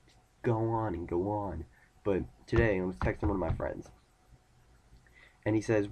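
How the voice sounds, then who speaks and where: A teenage boy vlogger rants casually to camera, rambling and irritated as he retells conversations with friends through their dialogue. His voice is low-pitched, steady, and warm, with a brisk pace and frequent pauses.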